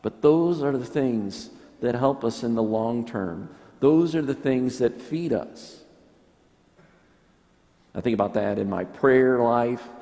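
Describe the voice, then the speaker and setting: Slow-spoken priest in reverberant church. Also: male voice, fairly low pitch. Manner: earnest and reflective, drops to soft quiet tones. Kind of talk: sermon.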